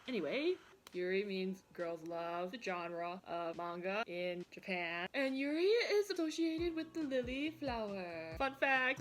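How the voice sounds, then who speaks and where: Young female vlogger, higher voice, casual, bubbly, giggly and self-mocking. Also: a little hiss or hum, poor audio. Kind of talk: casual talk to camera.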